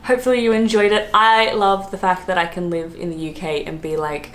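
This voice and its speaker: A hungover Australian woman chatting casually to camera as a travel vlogger, full of fillers and quick laughs. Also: lowish voice, fairly even intonation, a bit bright. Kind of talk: casual vlog chat. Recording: roomy echo, faint background noise.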